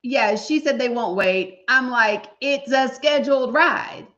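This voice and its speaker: A woman with a high-pitched, fairly bright voice hosts a casual livestream, unhurried but emphatic as she talks straight to her viewers. The audio is dull and lo-fi.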